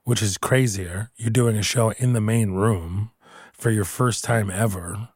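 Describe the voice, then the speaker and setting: A man's voice: fairly low pitch, unhurried, breathy edge, no room sound. Thirties guy, comic telling stories, swears a lot, ribbing his buddy, dead dry close sound. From Houston, Texas. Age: 30s. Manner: animated, swearing, playful banter. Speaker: comedian co-host. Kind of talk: casual chat.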